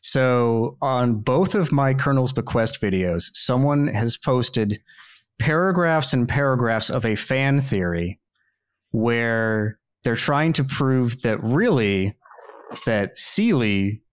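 A man's voice: mid-range voice, animated, slow, clean tone. A man, a video content creator guest on a podcast, eagerly jumping in with one more story in casual chat. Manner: eager, jumps in to add a story.

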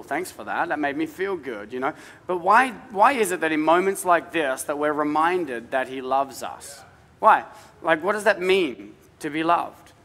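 Middle-aged guy pastor preaching, kinda high bright voice, casual jokey sermon, big echoey church hall. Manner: conversational preaching with humorous family anecdotes.

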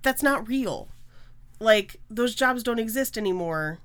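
A woman's voice: on the high side, expressive, a little slow, fairly bright tone. A woman in her thirties co-hosting a casual podcast, talking in a blunt, opinionated way and swearing freely. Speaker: podcast co-host. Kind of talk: casual chat.

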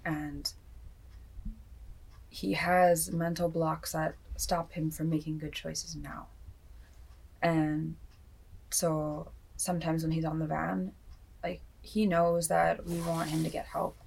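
A woman's voice: deep voice, little pitch movement, slow, creaky, long pauses, a little mellow, slightly rough. A woman, an outreach van worker, speaking heartfelt and reflective in a documentary interview.

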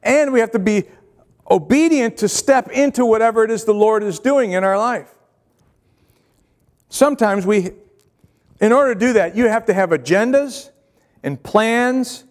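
A high-pitched man preaching a midweek sermon, pressing his point with repeated phrases and questions to the congregation. His voice rings with a long hall reverb, as if in a large church sanctuary. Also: animated, measured pace, pauses often. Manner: earnest, repetitive, rhetorical questions to the congregation. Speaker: pastor.

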